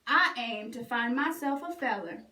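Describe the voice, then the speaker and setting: A woman's voice: a little high, animated, normal speed, pushed and bright, echoey room, far from the mic. A woman voicing a rich, spirited young ranch woman in a storybook, folksy and determined.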